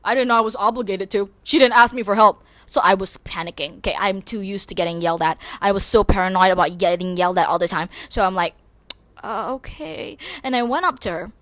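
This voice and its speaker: Woman, podcast host, casual monologue, expressive, bright tone. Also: mid-range voice, fast, few pauses. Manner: rambling, expressive, self-deprecating.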